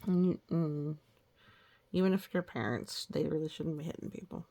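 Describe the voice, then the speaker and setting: A woman reads old children's rhymes aloud at an unhurried, slow pace, her low voice carrying a gravelly fry. Between rhymes she stops to gently explain the lessons. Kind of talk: reading rhymes aloud with commentary.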